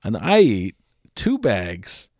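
A man's voice: lowish voice, wildly swooping pitch, takes it slowly, a little mellow, no echo, studio quality. A man telling a funny story in a casual chat, laughing as he goes.

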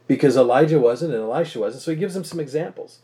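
A man preaching a conversational expository sermon as pastor, emphatic and slowing down to stress key phrases, acting out the crowd's doubting voices. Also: medium pitch, warm tone.

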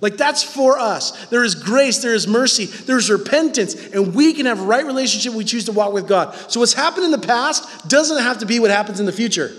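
A man's voice: very high-pitched, expressive, a little fast, hardly any pauses, fairly bright tone, long reverb tail. A man preaching a sermon in a conversational, emphatic way.

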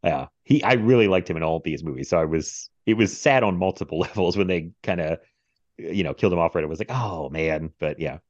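A man's voice: deep voice, quick pace, a little mellow, dry recording, lo-fi sound. A man hosting a casual movie podcast, chatty and laughing often. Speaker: podcast host.

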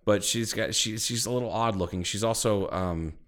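A man with a lowish voice chats casually as a podcast co-host. He tells stories in a loose, rambling way, with a lot of swearing and put-on quotes. Pure relaxed banter between friends. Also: moderate pace. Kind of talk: casual chat.

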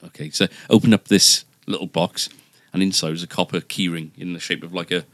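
Deep-voiced man rambling through an anecdote. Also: steady tone, brisk, fairly bright tone, dry recording. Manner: rambling, full of fillers and self-mocking asides. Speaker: podcast host. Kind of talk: casual anecdote telling.

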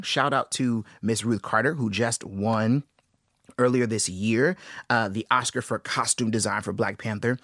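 A young man in his twenties hosting a podcast, telling stories in a casual, animated and enthusiastic way with playful asides. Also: fairly low pitch, no echo, studio quality. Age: 20s. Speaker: podcast host. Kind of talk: casual storytelling monologue.

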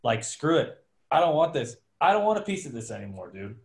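A man in casual chat as a podcast co-host, telling animated, joking stories about playing volleyball. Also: on the high side, fairly quick. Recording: roomy echo.

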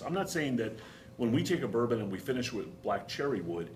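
A man's voice: medium pitch, sing-song, a little fast, a little hiss or hum. A middle-aged man with a thick Boston accent, talking casually as an interview guest, enthusiastic and often restarting his sentences. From Boston, USA. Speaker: whiskey company founder, guest.

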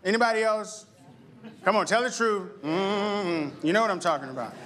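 This middle-aged man is a pastor giving a lively sermon, engaging the congregation in call-and-response and erupting now and then in high exclamations. He does quick impressions of other people in passing asides.

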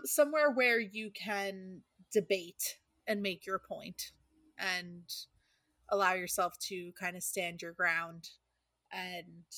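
A woman's voice: mid-range voice, a bit bright, no echo. A woman co-hosting a podcast, chatting casually about astrology, laughing easily and reading horoscope text aloud. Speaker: podcast co-host.

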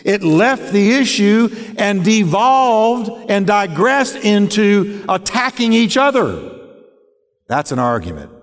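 A man's voice: sits high, sing-song, takes it slowly. A man preaching a sermon as pastor, emphatic and dramatic, acting out examples as he goes. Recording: long reverb of a large hall.

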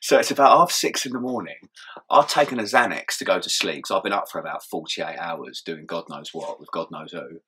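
A man's voice: deep voice, brisk, bright, forceful tone, breathy edge. A young man telling his story in a casual interview, swearing and laughing as he goes. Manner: swears often and laughs through his story, mumbling asides. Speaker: interview guest.

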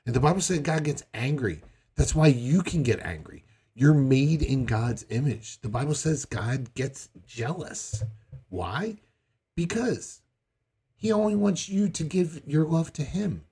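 A man's voice: medium pitch, a little mellow, husky. A middle-aged man preaching a sermon as pastor, earnest and emphatic, acting out quotes along the way.

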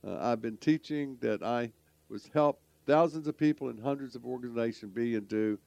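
A man's voice: mid-range voice, moderate pace, creaky, a little mellow, no room sound, highs cut off. Folksy rambling male talk show host. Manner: folksy, rambling, stumbles over words. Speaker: podcast host. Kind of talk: radio talk show hosting.

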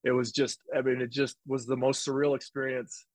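A man telling a personal story in a casual interview, animated and rambling, with restarts and quoted dialogue. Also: mid-range voice, brisk, no echo, low-quality recording. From United States. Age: 20s. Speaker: guest, former football player. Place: home office.

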